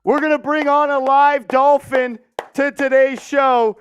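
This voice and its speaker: A man hosting a casual live-stream sports show, talking warmly and giving viewers shout-outs. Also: very high-pitched, level tone, a little slow, clear, resonant tone, no room sound, dull audio.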